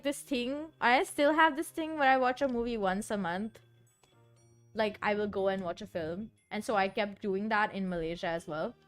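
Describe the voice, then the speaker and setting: A young woman streamer chatting casually, rambling with lots of fillers and restarts. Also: mid-range voice. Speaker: VTuber streamer. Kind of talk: casual chat.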